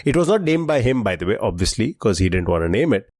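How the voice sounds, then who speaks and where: A man co-hosting a trivia podcast, relaxed and explanatory, filling pauses with "uh" while he lays out facts. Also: fairly low pitch, no echo, clean studio sound. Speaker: quiz podcast co-host. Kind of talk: casual quiz podcast chat.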